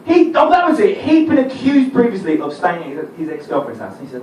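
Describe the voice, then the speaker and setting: A man's voice: on the high side, sing-song, quick pace, few pauses. A young man with an Essex accent doing a rambling, self-deprecating stand-up set, swearing freely. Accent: Essex English. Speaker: stand-up comedian. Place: comedy club stage. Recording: roomy live club recording, distant, crowd noise. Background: audience laughter and room noise.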